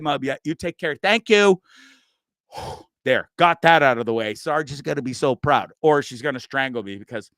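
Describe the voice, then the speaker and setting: A man's voice: medium pitch, moderate pace, fairly bright tone, no room sound. A man hosting a casual live stream, rambling and chatty, reading comments aloud and swearing. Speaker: live-stream show host.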